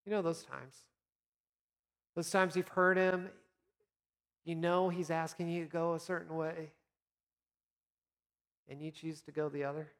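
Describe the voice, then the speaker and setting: A man speaking as a pastor, giving an earnest, encouraging devotional talk for Lent with gentle pauses. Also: fairly high pitch, flat delivery, big-room sound.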